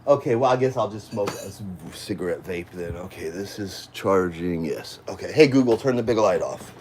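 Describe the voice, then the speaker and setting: Livestreamer ranting with lively swooping pitch. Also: moderate pace, a little hiss or hum. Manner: profane, mocking, sing-song taunts. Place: home, indoors.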